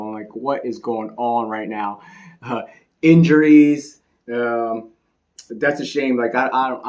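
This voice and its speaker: A man in a casual, rambling rant about a bad game, sarcastic and laughing, swinging between loud outbursts and muttering. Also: medium pitch. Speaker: sports commentary vlogger.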